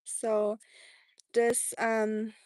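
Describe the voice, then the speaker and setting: Speaking extremely slowly in a fairly high, monotone, slightly mellow voice, this livestreaming vlogger from Germany has a German accent. She chats casually on a sunny walk by the water, often laughing and cooing at her dog. The sound is clean studio audio with no echo.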